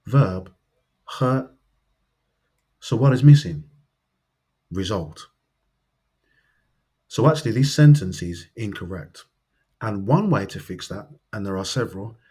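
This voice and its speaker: Slow, husky-voiced male language teacher. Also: lowish voice, darkish tone. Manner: careful, methodical explaining with worked examples. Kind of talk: grammar lesson narration.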